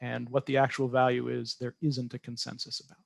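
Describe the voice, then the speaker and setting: Brief: male researcher guest, measured explainer, mid pitch, dry close sound. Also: completely flat delivery, vocal fry, dry recording. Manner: measured, explanatory, self-correcting. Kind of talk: podcast interview answers.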